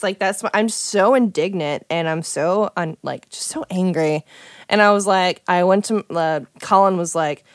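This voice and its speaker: A woman's voice: on the low side, unhurried, clear, resonant tone, dry recording, clean studio sound. A young woman telling a dramatic personal story in casual chat, swearing freely and acting out what people said. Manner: animated, swearing, acts out quotes. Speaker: storyteller guest.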